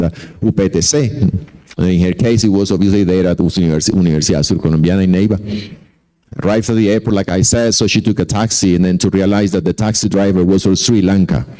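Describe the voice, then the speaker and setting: A man's voice: fairly low pitch, mellow, low-quality recording. A man lecturing to teachers, telling anecdotes and often repeating and correcting himself. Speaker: conference speaker.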